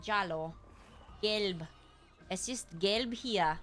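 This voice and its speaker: A woman's voice: medium pitch, lively intonation, a little slow, long pauses, bright, forceful tone, soft background music. A woman streaming a video game in a playful casual chat, humming and scatting to herself and drifting between languages. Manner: playful, hums and scats to herself, drifts into Spanish and German.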